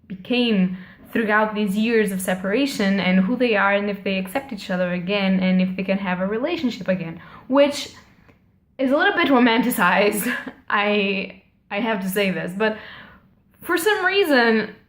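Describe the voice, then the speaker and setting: A woman's voice: mid-range voice, animated, moderate pace. A woman giving a casual, chatty TV episode review, talking straight to her viewers and often restarting her sentences. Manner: chatty, often addresses viewers, self-corrects. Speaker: TV series reviewer. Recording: echoey room.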